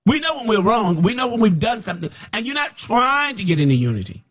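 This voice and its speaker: Husky guy preaching, kinda high voice, scolding and blunt, rambles and repeats stuff. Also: sing-song, fast, fairly bright tone. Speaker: self-described prophet. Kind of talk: preaching to camera.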